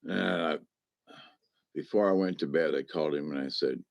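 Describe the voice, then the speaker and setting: A man's voice: a bass voice, moderate pace, vocal fry, no echo. A man telling a personal story in a casual, rambling way, folksy and meandering, with homespun slang.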